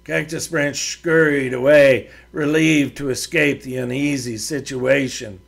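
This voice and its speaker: Slow gravelly male storyteller. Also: mid-range voice, steady tone. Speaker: podcast host and author reading his serial. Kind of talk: storybook narration.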